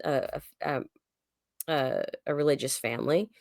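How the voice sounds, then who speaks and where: A woman from Oklahoma cohosts a comedy podcast, chatting casually and telling stories while animatedly acting out quoted dialogue. Her low, creaky voice moves at a moderate pace, captured in studio quality with no room sound.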